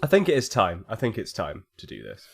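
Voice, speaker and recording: A man's voice: on the low side, wildly swooping pitch, brisk, creaky, breathy edge. A man co-hosting a comedy podcast, teasing and setting up a bit with hesitant fillers. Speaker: podcast co-host. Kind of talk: casual banter.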